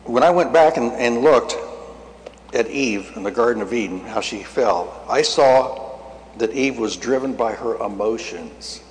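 A man's voice: medium pitch, animated, unhurried, slight background noise. Older man preaching in a reverberant hall. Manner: folksy, acts out dialogue, rising to emphatic peaks. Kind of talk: sermon storytelling.

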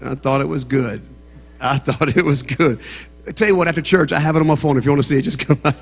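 A man's voice: fairly high pitch, very fast, creaky, breathy edge, faint music behind. A man with a Southern American accent, preaching as a guest speaker in a church, joking with the congregation before building into fervent preaching. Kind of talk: humorous sermon opening. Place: church sanctuary. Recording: long church reverb.

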